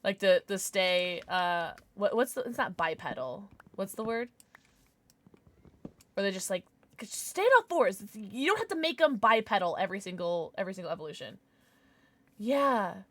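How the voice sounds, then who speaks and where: A woman streaming a game live, chatting with her viewers in an excitable, gushing way with frequent squeals. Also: medium pitch, normal speed.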